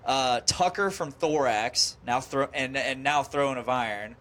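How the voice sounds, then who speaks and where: A man hosting a podcast in casual chat, excitable, swearing often and laughing a lot. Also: medium pitch, measured pace. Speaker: podcast host.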